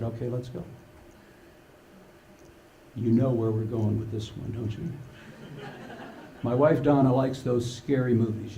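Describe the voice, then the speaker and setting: An older man giving a humorous keynote to a conference audience, an animated storyteller who acts out the dialogue. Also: medium pitch, creaky, slight background noise. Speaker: conference speaker. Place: large conference hall with live audience. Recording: echoey conference hall.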